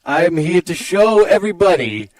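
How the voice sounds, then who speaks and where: A man's voice: high-pitched, sing-song, normal speed, darkish tone, dry recording. A man voicing a crude, boastful hybrid villain of a president and a masked comic-book brute, in comedy podcast improv. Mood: crude boasting. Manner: lewd, bragging, gravelly put-on villain drawl.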